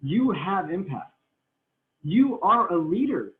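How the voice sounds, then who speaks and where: A man speaking in a fairly high voice gives an emphatic motivational talk to a group, hammering home the same phrases and stretching words for weight. He sounds tinny and distant from the mic, as if coming through a call in an echoing room. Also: lively intonation. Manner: emphatic, repetitive, drawn-out for emphasis.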